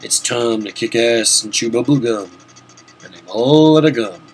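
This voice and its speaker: A man doing an impression of a gruff, brash male action hero who makes crude, boastful threats in a low growl. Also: moderate pace, a little hiss or hum, close to an everyday voice. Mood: cocky.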